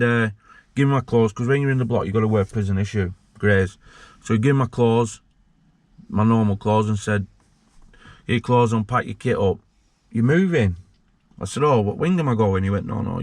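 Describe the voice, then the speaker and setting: A man's voice: medium pitch, moderate pace, a little mellow, no room sound. Blunt sweary man. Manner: blunt and sweary, acts out quoted dialogue. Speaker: interview guest, former prisoner. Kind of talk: casual storytelling.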